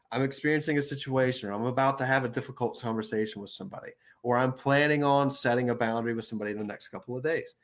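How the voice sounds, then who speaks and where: A young adult man speaks as a counselor giving a lesson on boundaries. His tone is steady and assertive, with deliberate phrasing and a mid-range pitch. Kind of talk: instructional talk on boundaries.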